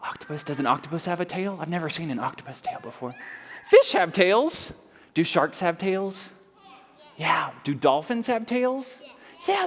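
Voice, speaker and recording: A man in a library reading a picture book aloud to children, playful and animated, asking them questions. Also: fairly high pitch. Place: library story room. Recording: long reverb in a large room.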